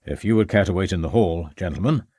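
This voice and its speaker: A man's voice: deep voice, quick pace, dark tone, slightly rough, no room sound, studio quality. A man voicing an elderly school porter who speaks deferentially but warily. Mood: formal. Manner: deferential, formal. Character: elderly male school porter, suspicious, formal.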